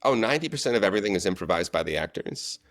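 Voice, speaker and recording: A man telling set stories as a guest, relaxed and chatty in a casual interview. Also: low voice, rapid-fire, dry recording, clean studio sound. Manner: animated storyteller, relaxed and chatty. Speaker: guest, actor and stunt coordinator.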